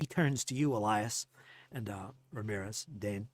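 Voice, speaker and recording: A man narrating as game master of a tabletop game, animated and stumbling through restarts. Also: on the low side, moderate pace, no room sound.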